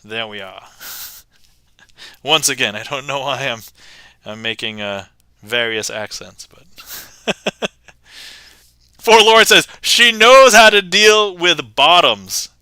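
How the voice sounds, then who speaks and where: A man's voice: mid-range voice, bright, forceful tone, smooth, dry recording. A man hosting a live stream, chatting casually while he performs card tricks. He is playful, laughs often and reads viewer comments aloud. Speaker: magic livestreamer.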